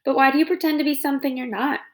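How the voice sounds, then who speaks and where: A woman's voice: sits high, steady tone, very fast, pitched above the performer's own voice, natural voice. A woman reading a children's novel aloud, voicing a stiff, formal female robot who speaks literally and overly politely. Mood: matter-of-fact.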